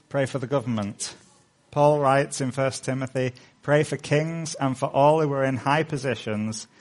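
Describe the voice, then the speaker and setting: Earnest man preaching a sermon. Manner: earnest preaching with rising fervent appeals; hushed, low prayer voice. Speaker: pastor.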